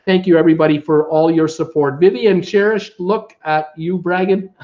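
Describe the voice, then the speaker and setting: Man, from Ontario, casual live chat host, slightly high voice, dull lo-fi webcam sound. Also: fairly even intonation, normal speed. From Ontario, Canada. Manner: chatty, upbeat, many fillers. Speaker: livestream host reading viewer chat. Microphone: webcam setup at home.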